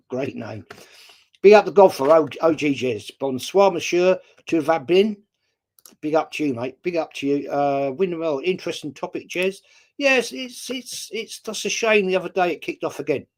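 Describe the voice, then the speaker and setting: Chatty sixty-something English man. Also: on the high side. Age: 60s. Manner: chatty storyteller, swears casually, greets viewers by name. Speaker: live stream host. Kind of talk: casual chat reading viewer comments.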